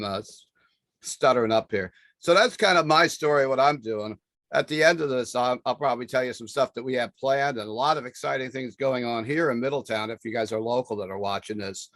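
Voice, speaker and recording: A man's voice: medium pitch, a bit bright, no echo. Chatty rambling male podcast host. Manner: rambling, chatty with fillers and restarts. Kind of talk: casual panel chat.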